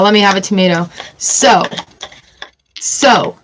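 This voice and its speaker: A woman in her forties chatting casually on a tarot livestream, emotional and quick to laugh. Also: medium pitch, expressive, a bit bright, poor audio. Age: 40s. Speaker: tarot reader.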